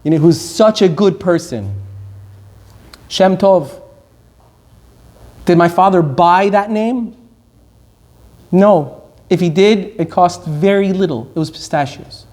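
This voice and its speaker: High-voiced, emphatic middle-aged rabbi. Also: male voice, a little mellow. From Iran. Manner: emphatic, slows down on key words and speeds through asides. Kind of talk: Torah lecture.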